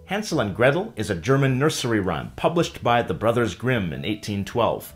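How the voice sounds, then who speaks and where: A man narrating a scripted language lesson, explaining clearly and stretching example words out slowly. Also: lowish voice, wildly swooping pitch, faint music behind. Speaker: language teacher.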